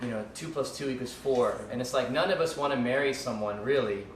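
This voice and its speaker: A man's voice: medium pitch, brisk. Guy teaching a class, rambly, lots of you know and restarts, kinda far off mic in a roomy hall. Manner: rambling with many restarts and fillers, joking with the audience. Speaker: ministry school teacher. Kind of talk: informal teaching to a live class. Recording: echoey room, mic at a distance, faint background noise.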